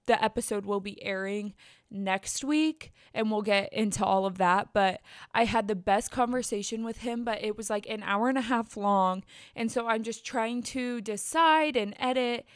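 At her computer at home, a young woman hosts a casual solo podcast, chatting candidly and rambling while laughing at herself and restarting sentences. Her mid-range voice is smooth and clear. The room sound is dry and close, with hardly any echo.

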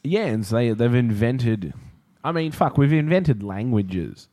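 A man's voice: mid-range voice, expressive, measured pace, dark tone, no echo, clean studio sound. A man co-hosting a casual podcast chat, laughing often and rambling playfully between tangents. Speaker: podcast co-host.

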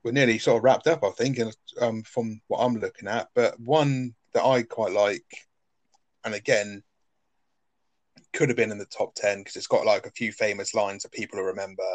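A man's voice: fairly low pitch, fairly even intonation, normal speed, dry recording. A man chatting casually on a podcast, rambling with lots of fillers. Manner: rambling, filler-heavy, laughs often. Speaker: podcast co-host. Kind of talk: casual chat recapping a sitcom episode.

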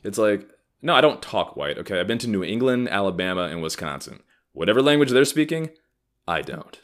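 A man in his thirties with a very low voice and a forceful, tense edge, hosting a solo podcast. He rants bluntly and profanely, getting heated and animated as he goes. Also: a little fast. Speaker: podcast host. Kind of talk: solo ranting podcast talk.

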